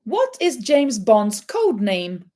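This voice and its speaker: A woman's voice: fairly high pitch, big pitch swings, slow, mellow. A woman hosting a live crochet chat, reading out quiz questions and answering viewers, laughing often. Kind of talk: casual live-stream chat.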